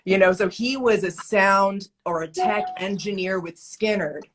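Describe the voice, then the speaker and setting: A woman speaking over a video call in a mid-pitched voice. She tells stories emphatically, with exasperated asides. It is a casual interview chat. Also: unhurried, noisy background. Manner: animated storyteller, emphatic and exasperated. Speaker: guest, event entertainer and author. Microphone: remote video call.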